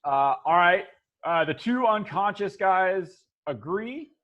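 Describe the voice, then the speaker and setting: Slow, laughing man running a game. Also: high voice, dull audio. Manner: laughs often, relaxed with many fillers. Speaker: dungeon master. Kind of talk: running a tabletop game over voice chat.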